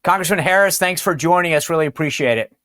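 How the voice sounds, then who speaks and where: A man's voice: fairly high pitch, fast talker, a bit bright, no room sound, studio quality. A man hosting a talk show, chatting loosely through sponsor reads and stumbling over words. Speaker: podcast host. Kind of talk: casual host talk with ad reads.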